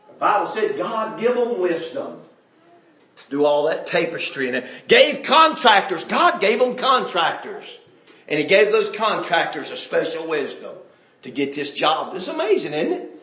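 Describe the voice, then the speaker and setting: A man preaching a sermon, calling out to the congregation and asking them questions, swinging between shouting and quiet asides. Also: high voice, reverberant. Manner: fervent, calls out to the congregation and asks them questions.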